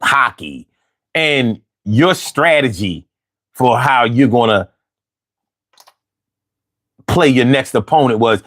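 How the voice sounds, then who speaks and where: A man's voice: mid-range voice, sing-song, measured pace. A man hosting a late-night livestream, ranting with heavy profanity and talking back to his chat. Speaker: livestream host.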